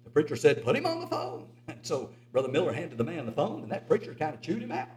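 Older male preacher, lively, higher-pitched, earnest storytelling, echoey church auditorium. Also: fast. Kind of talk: sermon with storytelling.

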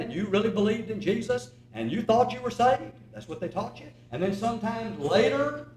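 Older male preacher with a lively delivery. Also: sits high, a little hiss or hum. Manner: earnest, urging, lively storytelling. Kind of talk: sermon with storytelling. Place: church auditorium. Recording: echoey church hall.

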